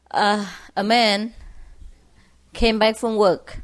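A woman telling humorous stories to an audience, chuckling often between them. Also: medium pitch. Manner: chuckling, unhurried. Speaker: storyteller.

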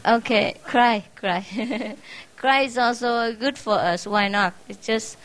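A woman's voice: a little high, takes it slowly, fairly bright tone, slight background noise, rough recording. A woman spiritual teacher giving an informal farewell talk to her followers, speaking simple English that is not her first language and laughing often in an affectionate, teasing way. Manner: simple, non-native English phrasing.

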